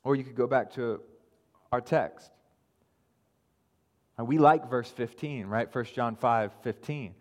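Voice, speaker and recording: A man's voice: medium pitch, takes it slowly, long pauses. Man, pastor, sermon, insistent, repeats phrases for emphasis, church sanctuary, long reverb. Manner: builds from calm teaching to raised, insistent preaching.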